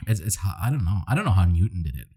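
A man's voice: low-pitched, very animated, quick pace, mellow, breathy edge. A young man co-hosting a podcast in casual chat, teasing his co-host with dry jokes and laughing often.

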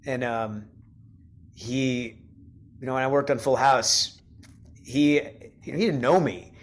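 A man, an actor who is a guest on a podcast, recalling past work in a reflective, soft-spoken way, with stammered restarts. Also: mid-range voice, slow pace. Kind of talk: casual chat.

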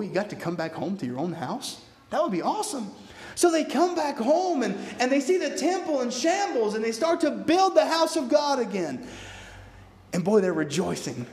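Animated preacher man in an echoey hall. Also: high voice. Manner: animated storytelling, shifting between loud and hushed. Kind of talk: sermon.

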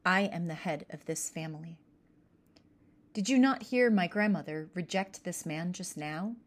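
A woman voicing a young boy in a storybook reading, speaking in a stern, clear voice. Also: fairly low pitch, a little slow, natural voice.

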